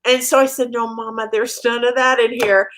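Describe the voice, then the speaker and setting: A woman's voice: on the high side, flat delivery, normal speed, fairly bright tone, slight background noise. A middle-aged woman from the Midwest, a guest author telling funny stories in a casual interview, laughing often. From American Midwest.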